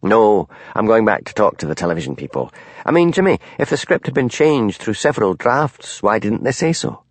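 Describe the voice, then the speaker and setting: A man voicing a dry Highland village constable. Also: sing-song, fairly quick, no room sound. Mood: reasoning. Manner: dry, questioning. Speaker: police constable.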